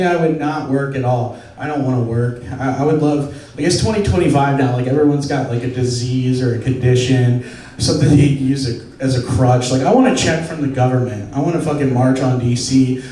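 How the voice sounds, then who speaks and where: A young man performs a crude, self-deprecating, conversational stand-up set on a comedy club stage. His mid-range voice is warm, picked up by a distant mic in an echoey club alongside audience laughter and a little hiss or hum.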